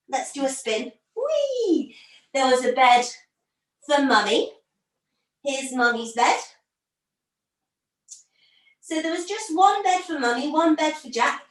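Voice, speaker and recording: A woman leading a storytelling yoga class for young children, playful and encouraging, giving gentle instructions. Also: high voice, recorded from a distance. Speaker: kids yoga teacher. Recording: roomy echo, from off the mic.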